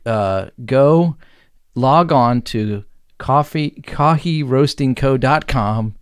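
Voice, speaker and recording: Smooth-voiced man hosting a podcast. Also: medium pitch, takes it slowly, no echo, studio quality. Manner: upbeat, jokey, leads the conversation. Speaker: podcast host. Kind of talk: casual podcast chat.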